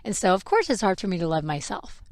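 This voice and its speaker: Frank woman with a gravelly edge. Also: medium pitch, sing-song, fast, no echo. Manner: frank and emotional, with laughs and the odd swear. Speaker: podcast host; mother. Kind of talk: candid personal storytelling.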